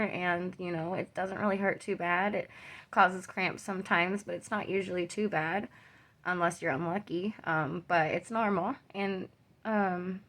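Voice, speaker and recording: A young woman, a mother, telling a personal story to camera in a halting way, full of ums and you-knows. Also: medium pitch. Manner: soft and subdued, rising when tense.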